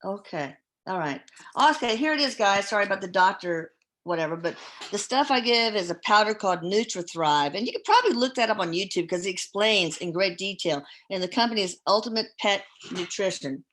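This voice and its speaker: Woman, podcast host, casual live chat, relaxed, chatty, fumbles names. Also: medium pitch, a little fast. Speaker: podcast host reading viewer questions.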